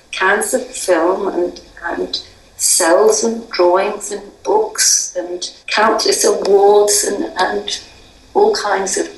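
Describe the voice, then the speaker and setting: A woman's voice: mid-range voice, reverberant, recorded from a distance, poor audio. An older English woman in an interview, talking in a chatty, wry way with many ums and restarts. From England. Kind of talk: conversational interview.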